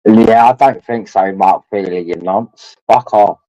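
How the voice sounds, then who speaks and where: A man's voice: on the low side, unhurried, dark tone, no room sound. A man, talking rambling and crude to his livestream chat while drinking, swearing often and calling viewers his lads. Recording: dull lo-fi stream audio.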